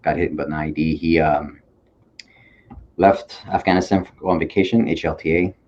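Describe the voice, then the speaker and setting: A man from Toronto, Canada, a police officer and army veteran, speaking as a podcast guest in an earnest, reflective way with halting fillers. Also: a bass voice, fairly even intonation, a little mellow, highs cut off. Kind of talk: candid conversational interview.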